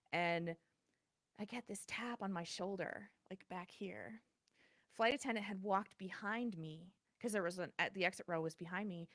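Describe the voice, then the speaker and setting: Bright-voiced woman telling a story. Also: medium pitch, moderate pace, no room sound, clean studio sound. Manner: animated, vivid retelling with many restarts. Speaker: podcast co-host. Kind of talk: casual storytelling.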